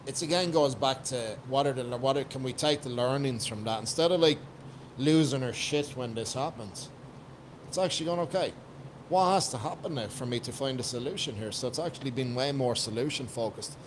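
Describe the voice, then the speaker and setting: A man's voice: mid-range voice, fairly quick, background noise. An Irish man from Ireland, a guest coach on a podcast, talking in a blunt, emphatic way and swearing freely. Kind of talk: casual podcast chat.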